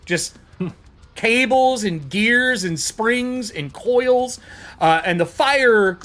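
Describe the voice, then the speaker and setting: A man runs a tabletop game with lively, wandering narration. His pitch moves a lot, and faint guitar music hums behind. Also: very slow. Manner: animated, rambling narration. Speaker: game master.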